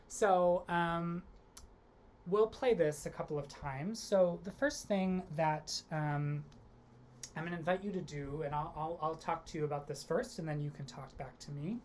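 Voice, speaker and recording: Low-voiced woman leading a drama workshop. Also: a little mellow, slight background noise. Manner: demonstrates games with big emotional line readings. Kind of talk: online theatre workshop instruction. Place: home, video lesson.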